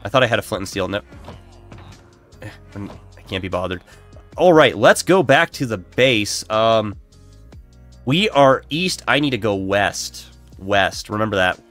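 A man's voice: on the low side, animated, a little slow, long pauses, fairly bright tone. A man live-streaming a video game, nasal and congested from allergies, chatting casually with his viewers in a self-deprecating way while he plays. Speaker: Minecraft streamer. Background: lo-fi background music.

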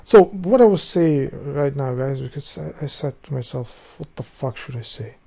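Rambling man, mellow voice. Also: medium pitch, animated, normal speed, vocal fry, husky. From Albania. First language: Albanian. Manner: rambling, profane, loses his thread and restarts sentences. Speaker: vlogger. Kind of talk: casual rambling monologue.

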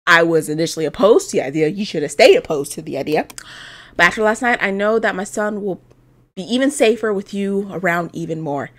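A woman's voice: on the low side, fairly quick, fairly bright tone. A woman reading as a proud, chatty middle-aged dad. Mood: fatherly. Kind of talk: reading game dialogue aloud.

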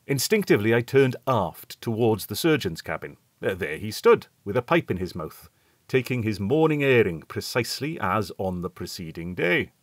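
A man reading a first-person horror story aloud, with measured, suspenseful storytelling. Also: lowish voice, very animated, no echo, clean studio sound. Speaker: audiobook narrator.

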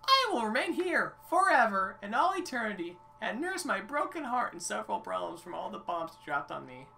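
A man voicing a melodramatic, heartbroken temple spirit in a high, theatrical, grandiose voice. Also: big pitch swings, normal speed, gravelly, bright, forceful tone, distant mic, slight background noise, full character voice. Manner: overwrought, grandiose.

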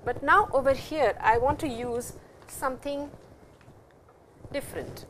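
A woman language teacher giving a lecture, explaining grammar and repeating example sentences slowly. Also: sits high, fairly bright tone, slight background noise. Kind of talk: classroom lecture.

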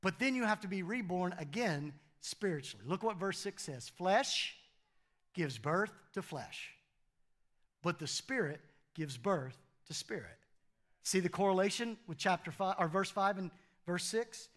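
A man's voice: high voice, animated, a little slow, a bit bright. A middle-aged man preaching a sermon in a church, conversational and humorous, often repeating phrases for emphasis. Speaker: pastor. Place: church auditorium.

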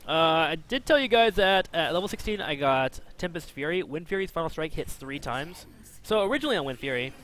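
A man talks through his own match in casual gameplay commentary, his voice sitting a bit high for a man. He is chatty and self-mocking, swinging from excited bursts to muttered asides. A faint hum sits under the recording. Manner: chatty, self-mocking, jumps between excited outbursts and mumbling. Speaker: game commentator.

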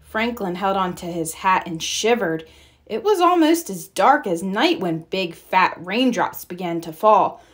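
A woman reading a children's picture book aloud with expressive storytelling. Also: medium pitch, measured pace. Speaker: storybook reader. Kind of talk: children's read-aloud narration.

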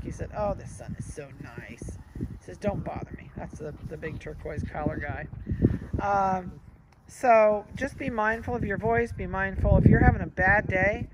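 A man who breeds dogs, giving folksy, chatty advice outdoors in a yard and pausing to comment on the puppies. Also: high-pitched. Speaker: dog breeder. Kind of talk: casual outdoor advice talk. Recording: loud wind noise outdoors. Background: wind and puppies playing.

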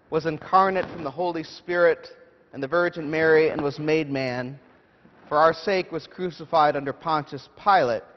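A pastor delivering a sermon, telling a story in a measured, prayerful way. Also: male voice, fairly high pitch. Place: church sanctuary. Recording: dull echoey church hall.

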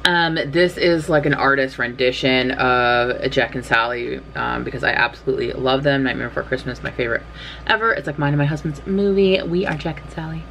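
This young woman from California has a rumbling low voice with vocal fry and a fairly bright tone, speaking fairly quickly. A writing vlogger, she chats casually and self-mockingly to camera indoors in her bedroom, rambling, with a little hiss or hum.

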